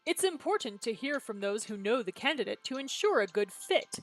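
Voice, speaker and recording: A woman voicing a polite male noble suitor in a story game, speaking formally and in a measured way. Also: fairly high pitch, big pitch swings, faint music behind. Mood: courteous.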